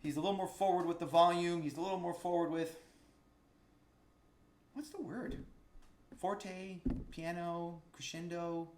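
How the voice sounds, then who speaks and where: Excitable man breaking down a recording. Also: high voice, a little slow, long pauses, reverberant, a little hiss or hum. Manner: enthusiastic, searching for words, many restarts. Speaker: saxophone teacher. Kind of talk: casual music lesson breakdown.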